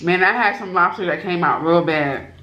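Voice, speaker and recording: A woman's voice: fairly low pitch, moderate pace, highs cut off. A woman hosting an eating show, chatting casually to her viewers between bites. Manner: warm, chatty, talks to viewers as "y'all". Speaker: mukbang host. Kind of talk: casual chat while eating. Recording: echoey room with faint noise.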